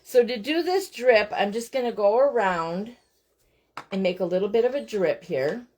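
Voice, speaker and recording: A woman's voice: mid-range voice, lively intonation, normal speed, darkish tone. A woman chatting casually with her viewers as she crafts at home, often breaking off to speak to her young children. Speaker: host of a live crafting stream. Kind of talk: casual chat while crafting.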